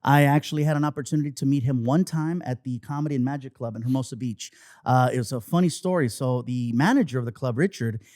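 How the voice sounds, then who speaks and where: Animated storytelling man, dry sound. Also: medium pitch, quick pace, no room sound. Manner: animated, acts out voices in anecdotes. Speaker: comedian guest. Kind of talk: casual storytelling.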